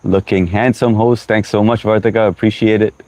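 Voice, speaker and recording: A young man from the US chats casually on a livestream, his voice sitting a bit low and recorded dry and close. He greets each viewer by name, slips in a few Hindi phrases, and admits he is running short on sleep. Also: little pitch movement, fairly quick, darkish tone, no echo. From United States. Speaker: livestream host.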